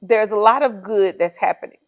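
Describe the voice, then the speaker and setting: A woman's voice: medium pitch, a little fast, no room sound. A woman co-hosting a casual political chat, emphatic and sardonic as she lays out her points one by one. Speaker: podcast co-host.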